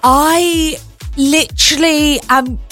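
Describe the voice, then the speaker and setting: Animated ranting radio co-host woman. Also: sits high, takes it slowly, soft background music. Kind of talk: breakfast radio chat.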